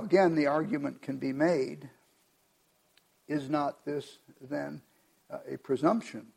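An American man preaching a sermon as pastor, reading scripture aloud and explaining it in an earnest, measured way. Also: a little high, mellow. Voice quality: gravelly.

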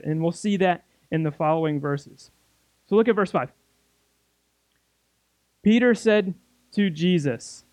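Young male youth pastor, high-pitched, animated and playful, dry recording. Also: normal speed, long pauses, no echo. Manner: animated, acts out scenes in playful voices. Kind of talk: casual sermon to youth group.

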